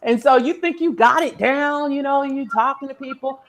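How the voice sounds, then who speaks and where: Woman from the US, casual storyteller, lively and laughing, jumps up high for punchlines. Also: a little fast. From United States. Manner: animated, laughs often, mimics herself in quotes.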